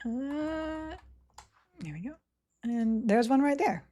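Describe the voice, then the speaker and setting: A woman's voice: sits high, expressive, slow pace, dark tone. A young adult woman streaming a game live, chatting casually, giggling and reading chat aloud.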